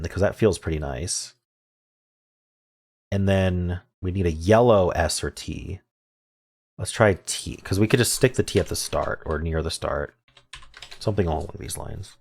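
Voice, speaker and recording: A man's voice: low voice, a little mellow. A man hosting a word puzzle video, thinking aloud in casual commentary with muttered half-sentences. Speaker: word game video host.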